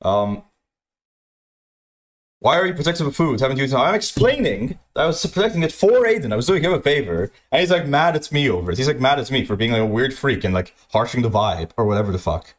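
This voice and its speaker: Young man, aggrieved profane rant, rambling storyteller, middle pitch. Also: big pitch swings. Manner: aggrieved, profane, repetitive, fast-swinging pitch. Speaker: streamer telling a story. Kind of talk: ranting anecdote.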